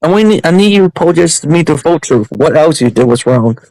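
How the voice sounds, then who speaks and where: A man's voice: a little high, lively intonation, fast, darkish tone, no echo, low-quality recording. A man streamer ranting heatedly on his livestream, repeating himself and restarting sentences.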